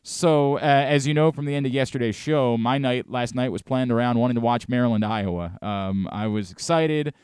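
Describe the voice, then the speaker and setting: A man's voice: mid-range voice, moderate pace, hardly any pauses, a little mellow, smooth, no room sound, clean studio sound. A man hosting a sports talk radio show, giving heated opinions with emphatic repetition.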